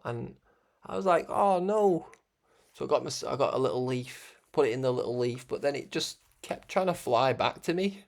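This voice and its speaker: A young man hosting a religious broadcast, talking in a rambling, animated way with frequent laughs. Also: medium pitch, a little fast, vocal fry. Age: young adult. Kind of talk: casual spoken monologue.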